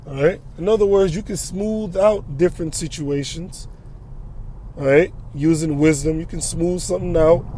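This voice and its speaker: High-pitched preacher man in transit. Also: dark tone, a little hiss or hum. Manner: quotes scripture, asks "all right?" and "you know?" often. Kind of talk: informal sermon on the move.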